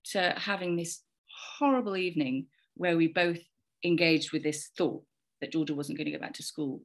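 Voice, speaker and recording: A woman's voice: on the low side, creaky, husky. A woman in her forties telling a rambling, heartfelt parenting story in a casual conversation, often repeating words and quoting herself and others. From England. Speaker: podcast guest sharing a parenting story.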